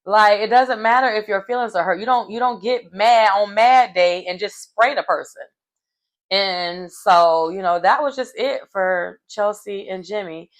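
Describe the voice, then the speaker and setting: A woman talks straight to her viewers, recapping reality TV drama in a casual, chatty way. She's gossipy and emphatic. Her voice leaps high when she's shocked. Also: a little slow.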